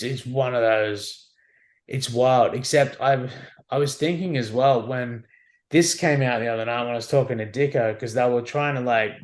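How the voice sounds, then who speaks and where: A man, a podcast guest, telling stories casually and animatedly, swearing and acting out the dialogue. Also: mid-range voice. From Australia. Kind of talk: casual storytelling.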